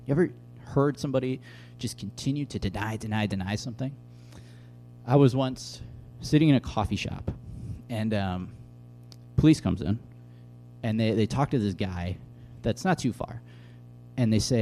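A man preaching as a pastor, explaining scripture in a relaxed conversational way and telling everyday stories to make his point. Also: mid-range voice, moderate pace, faint music behind. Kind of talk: sermon.

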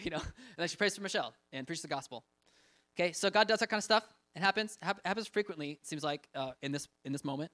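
A young man giving a casual talk about evangelism training over slides, full of fillers and quick laughs as he acts out little quotes. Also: on the high side, bright, forceful tone, no room sound. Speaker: ministry trainer presenting.

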